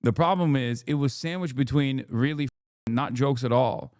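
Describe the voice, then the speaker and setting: A man's voice: medium pitch, moderate pace, a little mellow, no echo, studio quality. A man giving emphatic, profane reaction commentary on a live stream, repeating points for emphasis.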